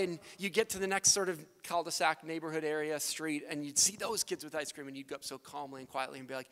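A man's voice: on the high side, fast talker, hardly any pauses, fairly bright tone. Canadian-raised male missionary preaching, earnest and emphatic, in a reverberant church hall. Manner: earnest, builds to emphatic peaks. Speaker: missionary speaker. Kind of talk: sermon with closing prayer. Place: church sanctuary.

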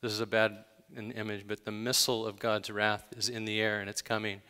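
A man's voice: on the low side, little pitch movement, brisk, bright, forceful tone, clear, resonant tone. A male pastor giving a conversational, emphatic sermon, telling everyday stories with dramatic gasps. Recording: long hall reverb.

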